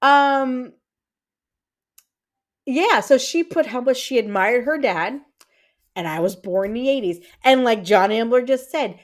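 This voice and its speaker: Chatty woman in her thirties, a bit high. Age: 30s. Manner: chatty, storytelling, breaks off to greet chat. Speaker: livestream host. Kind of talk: casual chat with live chat viewers.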